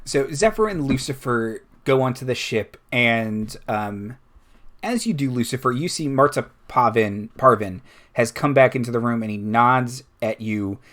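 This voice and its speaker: A man's voice: mid-range voice, lively intonation, a little slow, a bit bright. Man, game master, loose chatty narration, laughs a lot, tabletop game.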